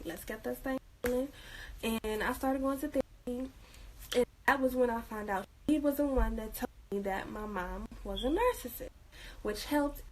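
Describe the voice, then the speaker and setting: Chatty high-voiced young woman vlogger. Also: a little hiss or hum, rough recording. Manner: chatty, laughs often, many fillers. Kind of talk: casual chat.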